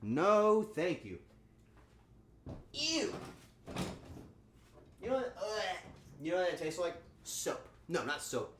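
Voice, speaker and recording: A man's voice: sits high, big pitch swings, takes it slowly, long pauses, background noise. A man streaming casually while cooking at home, joking crudely and talking back to his chat. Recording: echoey room with faint ambience.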